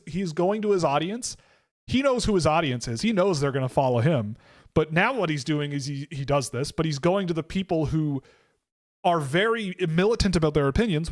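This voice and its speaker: A Canadian man hosting a hockey livestream, talking casually and with strong opinions, rambling and restarting, sometimes mocking others in exaggerated put-on voices. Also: a little high. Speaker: host of a hockey prospect livestream.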